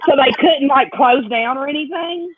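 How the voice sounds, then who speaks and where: A man calling in to a casual chat show, talking in a relaxed, chatty way. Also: very high-pitched, moderate pace, slight background noise. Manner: relaxed, chatty, brief reactions. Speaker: caller. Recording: tinny dry phone line.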